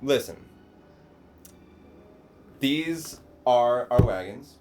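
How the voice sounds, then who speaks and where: A man's voice: medium pitch, animated, drawn-out words, background noise. A man playing his character in a tabletop game, talking bluntly and swearing freely. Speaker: player. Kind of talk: casual in-character play.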